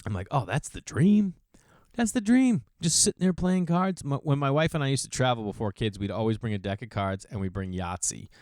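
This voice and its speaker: A man in his thirties hosting a podcast, rambling through casual opinions with sudden jumps in pitch. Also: quick pace, few pauses, smooth, dry recording, clean studio sound. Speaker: podcast host. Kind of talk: casual monologue.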